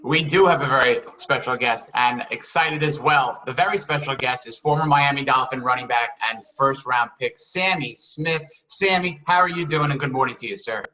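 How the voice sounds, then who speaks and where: Podcast host guy, bright crisp voice, announcer-y hello. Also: medium pitch, moderate pace, hardly any pauses, low-quality recording. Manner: upbeat, announcer-like welcome. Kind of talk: podcast introduction.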